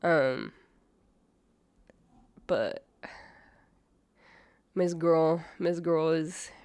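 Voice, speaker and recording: A woman's voice: sits low, extremely slow, a little mellow, clear, resonant tone, no room sound. A young woman host with a slightly nasal voice from a cold, chatting casually and judgmentally through a reaction video with lots of fillers. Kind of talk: casual commentary.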